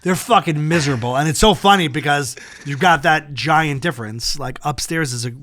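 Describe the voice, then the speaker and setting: A man's voice: on the high side, a little fast, a bit bright, no room sound. A man who does stand-up, telling rambling, profane stories in a casual podcast chat. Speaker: stand-up comedian.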